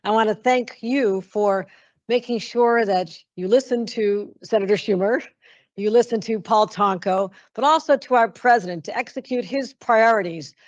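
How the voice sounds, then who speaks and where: A woman's voice: on the high side, normal speed, highs cut off. A woman giving a formal public speech as a governor, speaking in an upbeat, praising way.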